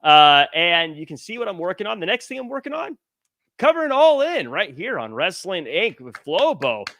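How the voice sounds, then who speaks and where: Lively, bright-voiced man hosting. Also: high voice, moderate pace, no room sound. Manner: lively, joking, reads viewer comments aloud. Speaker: podcast host. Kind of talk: casual podcast chat. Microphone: headset.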